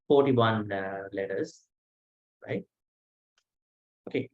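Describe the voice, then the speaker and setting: A man teaching a language lesson online, saying each sound slowly and patiently, with frequent pauses. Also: mid-range voice, darkish tone. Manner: slow, patient, pronounces sounds one by one with many "uh" pauses. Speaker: Pali teacher. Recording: dull lo-fi audio.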